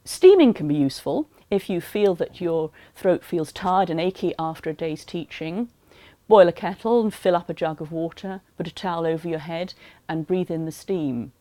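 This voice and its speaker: Calm woman giving voice-care advice. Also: lowish voice, normal speed, no room sound. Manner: calm, explanatory, practical advice. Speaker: voice health advisor for teachers. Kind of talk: educational talk.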